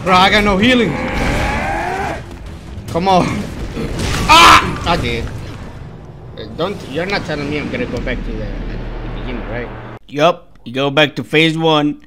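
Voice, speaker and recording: A man commentating his own gameplay, yelling at a hard boss fight and swearing, with quiet mumbled asides between outbursts. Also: fairly high pitch, very animated, unhurried, long pauses, music in the background. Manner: shouts and yells at the game, swears, slangy. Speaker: gaming YouTuber.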